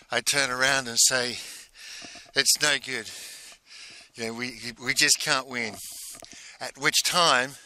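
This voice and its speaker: A man telling a personal story in a casual, halting way, full of restarts and repeated words. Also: medium pitch, pushed and bright. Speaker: speaker recounting a personal exercise.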